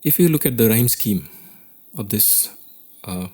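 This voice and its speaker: A man's voice: fairly low pitch, animated, a little slow, a little mellow. A man with an Indian English accent teaching a class lesson on poetry, explaining step by step and often checking in with "okay?".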